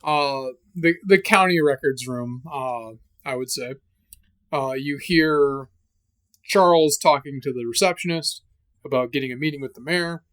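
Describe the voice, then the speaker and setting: A game master narrating a tabletop horror game in a casual, halting way, full of fillers and the odd curse. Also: mid-range voice, a bit bright.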